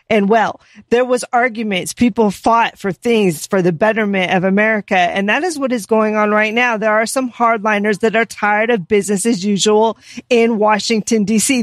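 A co-host on a political talk show makes points in an earnest, opinionated, steady way, with a mid-range voice. The sound is close and dry. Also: medium pitch, dry recording.

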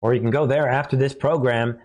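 A man's voice: mid-range voice, fairly even intonation, fairly quick. A man hosting a casual political commentary show, sarcastic and laughing often as he reacts to headlines. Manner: sarcastic, laughs often, mocking put-on voices.

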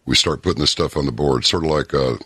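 A man talking as a guest in an interview, telling stories in an emphatic, deliberate way. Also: a bass voice, a bit bright, slightly rough, dry recording, clean studio sound. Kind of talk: casual interview talk.

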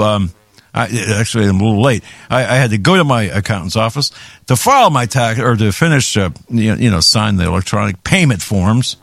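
Fired-up guy ranting on his talk show, pitch swinging all over, trips over his words a lot. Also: fairly bright tone, no room sound. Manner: heated, ranting, with frequent restarts. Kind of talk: political commentary.

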